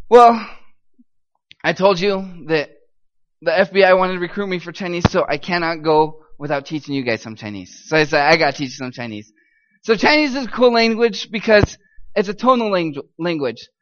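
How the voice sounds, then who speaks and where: A man giving an upbeat missions talk at a church gathering, leading the audience in call-and-response and cheering them on. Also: a little high. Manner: upbeat, encouraging, coaxing the crowd to repeat. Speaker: missions speaker. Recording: slightly muffled lo-fi recording.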